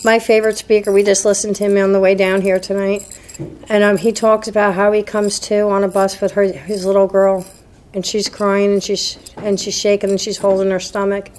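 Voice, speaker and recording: A woman's voice: medium pitch, level tone, brisk, a little mellow. A woman from New Jersey giving a candid, self-deprecating personal testimony to a recovery meeting, laughing at her own past. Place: meeting hall before a live group.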